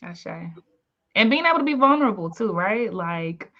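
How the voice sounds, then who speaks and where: A woman hosting a live webinar with lively energy, calling out chat names and welcoming everyone in. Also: mid-range voice, normal speed, lo-fi sound. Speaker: webinar host. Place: home, in Maryland.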